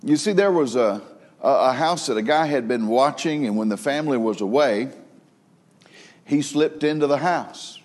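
A man's voice: mid-range voice, moderate pace, a little mellow. A male pastor preaching a sermon, telling folksy stories and rising into emphatic preaching. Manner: folksy storytelling with a preaching rise; laughs at his own joke.

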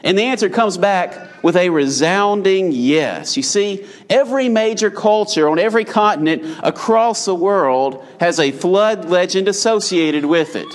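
Male preacher, slightly high voice, conversational sermon delivery, speaks straight to the congregation. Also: animated, measured pace, hardly any pauses. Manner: conversational, addresses the audience directly. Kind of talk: evening sermon.

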